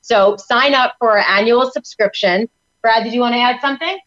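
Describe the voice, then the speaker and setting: Energetic New York woman, slightly muffled. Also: on the high side, normal speed. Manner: energetic, upbeat, salesy. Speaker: parenting coach guest. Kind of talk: enthusiastic talk-show chat. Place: studio in Tampa.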